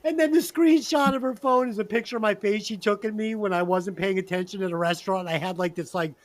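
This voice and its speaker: A man's voice: high voice, fast talker. Rowdy, profane man laughing through a podcast. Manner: loud, profane and rambling, laughing often. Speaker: podcast co-host. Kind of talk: casual comedy podcast banter.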